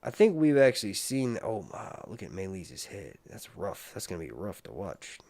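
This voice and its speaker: A man hosting a casual livestream, rambling and animated, with muttered asides to himself. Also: low-pitched, normal speed, creaky. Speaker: livestream host reviewing a TV series.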